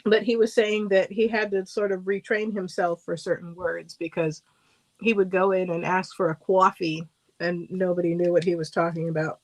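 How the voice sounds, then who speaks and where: Relaxed, easily laughing woman. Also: on the low side, normal speed, rough recording. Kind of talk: casual livestream chat.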